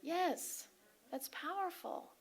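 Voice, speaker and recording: A woman giving an inspirational sermon talk as a spiritual practitioner, earnest and animated, often asking her listeners questions. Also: extremely high pitch, takes it slowly. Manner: animated and emphatic, acting out angry voices. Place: spiritual center service.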